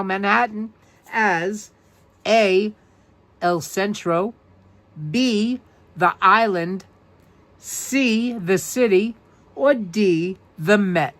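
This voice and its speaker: Slow-talking New man hosting a live quiz. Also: high-pitched, fairly bright tone. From New York. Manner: upbeat, repeats questions and greets viewers by name. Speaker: live-stream host. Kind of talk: live-stream trivia quiz, reading viewer answers.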